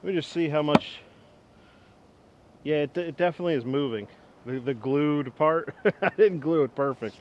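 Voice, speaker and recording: Heard through dull audio, the same twenty-something man speaks at a normal pace and pauses a lot. He's demonstrating an old axe outside in a windy spot, rambling, self-deprecating and often chuckling, with a rumble of wind behind him.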